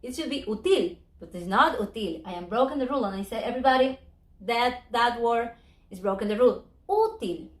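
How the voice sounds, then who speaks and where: A woman whose first language is Spanish, teaching a Spanish lesson in English and slowly drawing out each example word. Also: a little high, expressive. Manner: slow, drawn-out modeling of words, non-native English grammar. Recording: echoey room.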